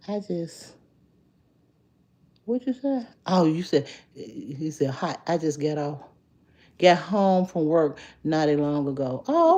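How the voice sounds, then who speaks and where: A woman hosting a casual livestream, chatting straight to her viewers, jumping to high excited calls. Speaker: livestream host.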